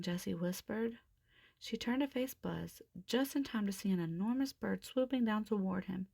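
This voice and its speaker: Gravelly woman reading a storybook. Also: mid-range voice, normal speed, no echo, studio quality. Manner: expressive, steady narration. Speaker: storybook reader. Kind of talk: reading a children's storybook aloud.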